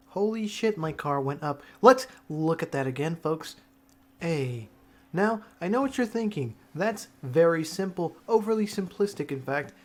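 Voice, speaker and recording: Male tutorial narrator, mock-stern classroom-teacher delivery, crude jokes. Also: high-pitched. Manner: mock-serious teacher bit, swears often. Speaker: gaming tutorial creator. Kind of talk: jokey gameplay tutorial voice-over.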